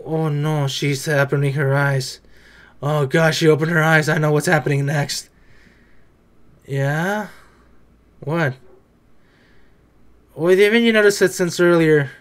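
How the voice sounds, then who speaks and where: A YouTuber reacting to an anime, with casual joking commentary and sudden excited outbursts. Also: medium pitch, a little slow, pauses often.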